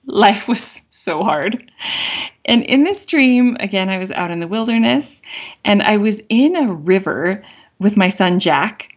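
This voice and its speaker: A middle-aged woman hosting a podcast, telling a dream story in a soft, reflective way, with many "like" fillers and light laughs. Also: fairly low pitch. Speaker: podcast host. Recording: dull lo-fi audio with faint guitar.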